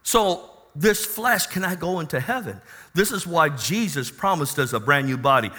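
Bright-voiced, exuberant male preacher. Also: fairly high pitch, animated, moderate pace, husky, long reverb tail. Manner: exuberant, swinging from quiet storytelling to shouted exclamations. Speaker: pastor. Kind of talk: sermon.

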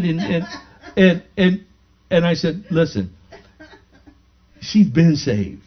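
High-voiced pastor telling a story. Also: male voice, animated, slow, pauses often. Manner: storytelling, acting out dialogue, rising to fervent praise. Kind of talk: sermon testimony. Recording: dull lo-fi recording.

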